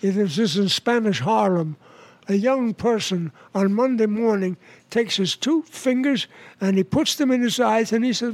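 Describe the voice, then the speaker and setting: A man in his nineties, an interview guest at home, telling jokes in a relaxed way. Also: high-pitched, moderate pace, no echo. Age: 90s. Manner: relaxed storyteller, laughs at his own punchlines.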